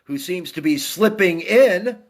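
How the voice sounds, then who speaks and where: A man's voice: high-pitched, animated, measured pace. A middle-aged man from the United States, a Navy veteran, giving a heated, blunt political rant and repeating his points.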